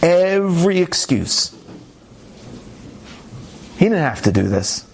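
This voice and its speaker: A man's voice: high-pitched, slow pace, gravelly, slight background noise. A man who is a rabbi, telling a story in a conversational way and acting out the quotes. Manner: animated, conversational, acts out the quotes. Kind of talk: storytelling talk.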